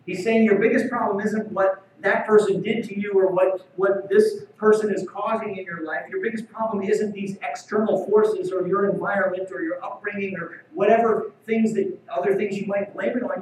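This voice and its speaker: A man's voice: high voice, steady tone, moderate pace, hardly any pauses, a little mellow, slight background noise. A man preaching a sermon as pastor, earnest and emphatic. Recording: very echoey hall, far from mic.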